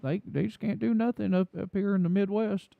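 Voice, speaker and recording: A man's voice: sits high, steady tone, brisk, vocal fry, no echo, narrow, tinny audio, voice pushed up. A man imitating a dismissive Midwestern football fan in a sneering, mocking tone.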